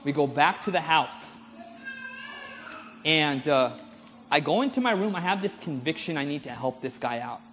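A man's voice: a little high, moderate pace, pauses often, slight background noise. A man preacher telling stories in a sermon and calling for amens from the congregation. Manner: storytelling, animated, asks audience for amens. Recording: long hall reverb.

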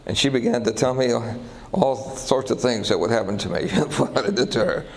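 A man's voice: mid-range voice, normal speed, slight background noise, rough recording. A male pastor preaching a sermon, telling a story and checking in with the audience through questions. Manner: animated, asks the audience questions.

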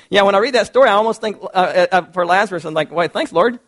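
A man preaching a sermon, reading scripture aloud and acting out quotes in a lively, conversational way. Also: sits high, fast. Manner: animated, conversational, acts out quotes.

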